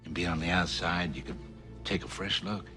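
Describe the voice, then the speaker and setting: An actor playing a blunt, cornered middle-aged president who talks with a drawl. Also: male voice, low-pitched, fairly even intonation, normal speed, bright, forceful tone, faint music behind. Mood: gruff.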